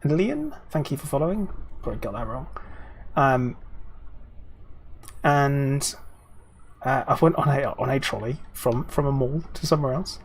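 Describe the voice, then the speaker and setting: A man's voice: mid-range voice, lively intonation, moderate pace, pauses often, husky. A British man streaming a game, chatting casually with viewers in a rambling way with lots of ums and restarts.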